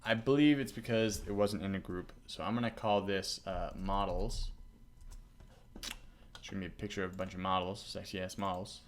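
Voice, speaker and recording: Excitable man hosting a coding tutorial. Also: low voice, normal speed, a little hiss or hum. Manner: excitable, laughs often, talks to himself while coding. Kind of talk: casual screen-recorded coding tutorial.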